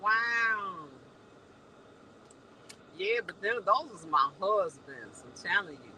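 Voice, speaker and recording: Woman, live-stream host, chatty, talks back to viewer comments, very animated pitch. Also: takes it slowly, slight background noise, poor audio. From Chicago.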